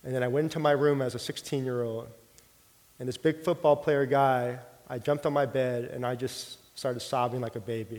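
Middle-aged male pastor, earnest storyteller, mid-pitched, big church reverb. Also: normal speed. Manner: earnest storytelling, drops soft for quoted prayer. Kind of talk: sermon with personal testimony. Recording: long hall reverb.

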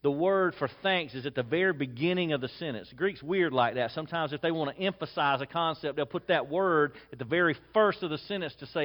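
Conversational preacher with a fairly high voice. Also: male voice, brisk, hardly any pauses, dull audio. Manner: conversational preaching, reads scripture aloud; soft, hushed prayer. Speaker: pastor. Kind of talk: expository sermon.

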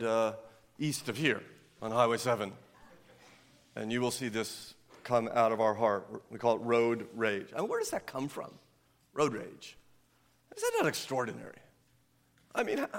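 A man preaching a sermon to his congregation, animated, breaking into loud mock outrage when he quotes people. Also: mid-range voice. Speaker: pastor. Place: church sanctuary. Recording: long hall reverb.

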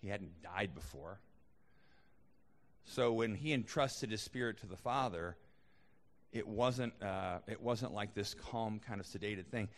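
A man's voice: fairly low pitch, measured pace, long reverb tail. A man preaching a sermon as a pastor, conversational, with frequent restarts and fillers.

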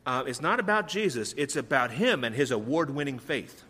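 A man's voice: medium pitch, very animated, brisk, sharp tone. A middle-aged man preaching a sermon as pastor, conversational with frequent ums, acting out quoted lines. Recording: long reverb of a large hall.

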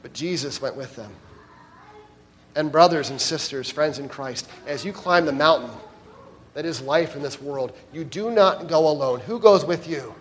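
Fairly high-voiced man preaching with dynamic swings. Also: normal speed. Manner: swings between loud emphatic lines and hushed soft ones. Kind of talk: sermon.

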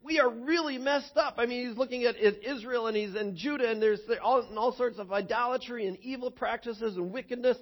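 Male pastor with a high voice, preaching an animated sermon with stumbling repeats, recorded lo-fi. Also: fairly quick, hardly any pauses. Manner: animated storytelling with many repeated words. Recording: dull lo-fi recording.

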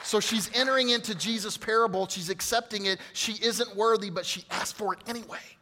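A man preaching a sermon to his congregation, swinging from loud emphatic peaks to quiet hushed asides and coaxing responses from the room. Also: sits high, fairly quick. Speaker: pastor.

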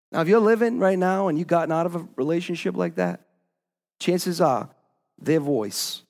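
A man preaching a sermon, swinging from low hushed lines to high impassioned calls, with repeated rhetorical questions to the congregation. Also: animated, moderate pace, creaky.

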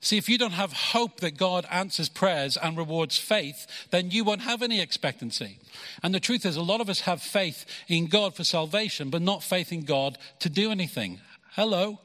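A man's voice: high-pitched, animated, normal speed, sharp tone. A pastor preaching a conversational sermon, acting out quoted lines and repeating words as he goes. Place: church hall. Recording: long hall reverb.

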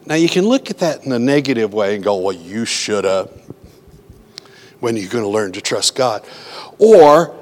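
A man delivers an earnest, conversational sermon at an ordinary middle pitch. He tells personal stories and voices his own anxious thoughts along the way. His voice carries a long hall reverb. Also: sing-song, brisk, a little mellow. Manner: earnest, acts out his own inner voice in quotes. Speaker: preacher.

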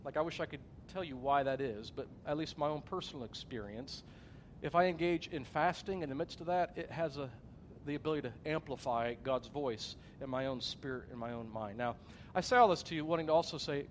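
A man's voice: mid-range voice, a little hiss or hum. A man preaching a sermon as a pastor, earnest and conversational, sharing personal stories.

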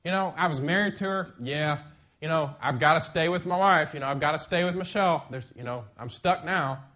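A middle-aged man preaching a sermon as pastor, lively and conversational, with sudden bursts of emphasis. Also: fairly high pitch, fairly quick.

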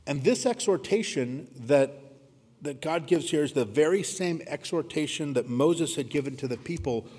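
A man preaching a sermon, earnest, dropping to a hushed voice when he quotes scripture. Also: on the high side, lively intonation, moderate pace, husky. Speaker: pastor. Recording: reverberant hall.

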